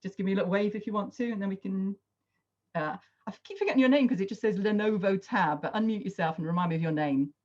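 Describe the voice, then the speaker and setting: Talking quickly in a medium-pitched, somewhat mellow voice, a woman hosts an online workshop on a video call. She chats warmly and encourages participants, hedging with "sort of" again and again, and the call audio is dull and lo-fi.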